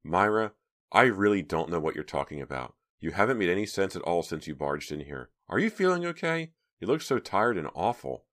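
Male narrator playing a scoffing teenage girl, higher voice, sharp and dismissive. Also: sing-song, a little fast. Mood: scornful. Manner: sarcastic, scoffing. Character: scornful sneering teenage girl.

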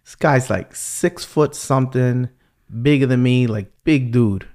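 A middle-aged man with a New York accent hosting a casual podcast interview, telling stories in a lively way and often asking "you know what I mean". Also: mid-range voice, unhurried. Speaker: podcast host.

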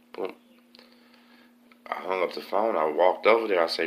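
A man hosts a podcast and retells a story in a casual, streetwise way, with frequent cursing and quoted dialogue. His voice sits very low. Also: normal speed, long pauses. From Texas. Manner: streetwise, profane, animated retelling. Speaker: podcast host.

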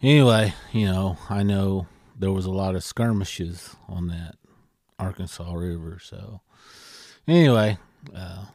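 A deep-voiced man chats casually on a podcast, wandering through his story with lots of pauses and "you know"s. The sound is dry and close, with no room echo. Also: vocal fry, darkish tone. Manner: rambling, halting, many "you know" fillers. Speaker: podcast co-host.

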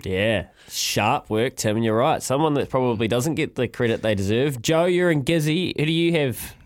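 A man's voice: mid-range voice, expressive, moderate pace. A man with a New Zealand accent hosting a sports radio show, chatting upbeat and laughing easily between calls. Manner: upbeat, laughs easily, reads phone numbers and ads. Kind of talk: breakfast radio chat.

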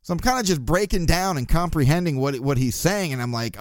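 A man's voice: on the high side, expressive, brisk, no echo, studio quality. A man hosting his own podcast, ranting casually and sarcastically, often laughing. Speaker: podcast host. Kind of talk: casual solo podcast rant.

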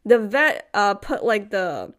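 A woman's voice: medium pitch, sing-song, takes it slowly, a bit bright. A young woman from Taiwan telling a long personal story in casual chat, full of restarts and fillers.

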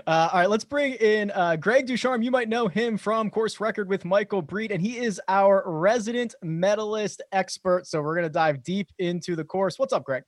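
An upbeat man hosts a sports podcast with a fairly high voice. He introduces guests with easy laughter. The sound is dry and close. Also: moderate pace, hardly any pauses, no echo. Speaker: podcast host. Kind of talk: casual podcast chat.

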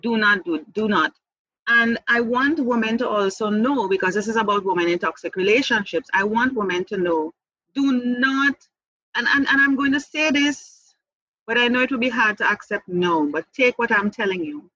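A woman's voice: on the high side, moderate pace, sharp tone, breathy edge, no echo, dull audio. Earnest woman sharing a personal story. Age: adult mother. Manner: earnest, repeats words, restarts, laughs lightly. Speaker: interview guest. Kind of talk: candid personal testimony.

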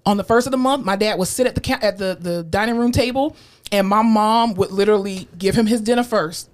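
A woman in her thirties co-hosting a podcast, telling stories in casual chat, animated and profane, acting out quotes. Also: fairly high pitch, brisk. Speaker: podcast co-host.

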